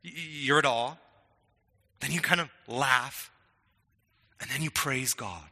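A man's voice: medium pitch, a little slow, pushed and bright, slightly rough, in a large hall. A middle-aged man preaching a sermon in a conversational way, often stammering on restarts and checking in with "right?". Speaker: pastor.

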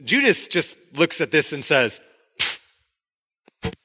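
A man's voice: a little high, moderate pace. A man preaching a sermon in a conversational way, acting out quotes from the story as he goes. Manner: conversational, animated, acts out quotes. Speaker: pastor.

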